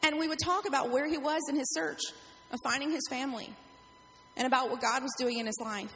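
A middle-aged woman pastor preaching a sermon, telling a personal story in an animated way. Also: high-pitched, a little fast, big-room sound.

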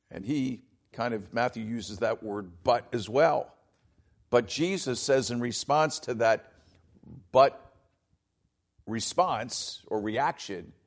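A male pastor delivering a sermon in a gravelly, mid-range voice. He walks through scripture and leans hard on key words. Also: medium pitch, takes it slowly. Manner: expository preaching with emphatic, dramatized quotes.

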